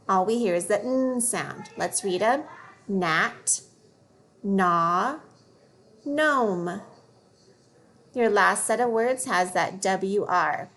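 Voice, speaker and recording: Slow, careful teacher woman. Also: medium pitch, a bit bright. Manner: slow, clearly sounding out letters and words. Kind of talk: phonics lesson for young children.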